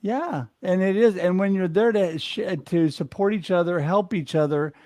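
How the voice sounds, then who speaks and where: A man's voice: sits high, moderate pace, mellow, dry recording, clean studio sound. A middle-aged man hosting a casual panel chat over a video call, upbeat and telling stories about himself with self-deprecating humor. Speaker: host.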